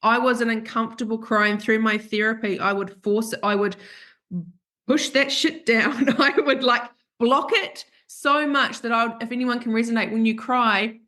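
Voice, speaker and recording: Bright, lively woman podcast guest. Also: fairly high pitch, normal speed, hardly any pauses. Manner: lively, frank storyteller. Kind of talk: casual podcast conversation.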